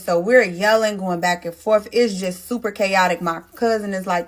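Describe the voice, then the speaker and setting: A woman's voice: medium pitch, steady tone, normal speed, few pauses. Emphatic young woman telling her story. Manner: emphatic, talks directly to listeners. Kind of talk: storytime narration.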